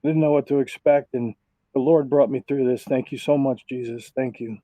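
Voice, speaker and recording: A man's voice: mid-range voice, fairly even intonation, normal speed, no room sound, phone-quality sound. A man, a sim racing driver recovering from illness, giving heartfelt, rambling thank-yous over voice chat.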